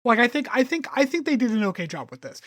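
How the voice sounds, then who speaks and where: A woman weighs in on a TV episode in a casual podcast chat. Her pitch swings widely as she argues her points, cursing casually and slipping into short voiced quotes. The recording is close and dry with no room sound. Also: dry recording. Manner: animated, opinionated, swears freely, acts out quick quotes. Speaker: podcast co-host and commentator.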